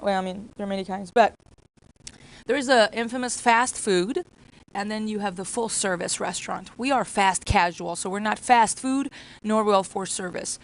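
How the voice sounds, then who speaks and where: Woman, workplace trainer, mid-pitch voice with vocal fry, repetitive coaching delivery. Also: poor audio. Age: adult with children. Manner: repetitive, acts out customer exchanges. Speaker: restaurant staff trainer.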